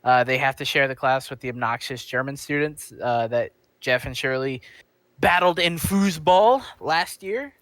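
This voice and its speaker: A man's voice: medium pitch, moderate pace, fairly bright tone, no room sound. A man co-hosting a casual talk show, talking in a loose, rambling way with many fillers. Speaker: podcast co-host.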